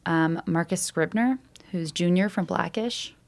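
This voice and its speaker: A woman's voice: fairly low pitch, unhurried, gravelly. A woman co-hosting a podcast in casual, playful chat, teasing the others. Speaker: podcast co-host.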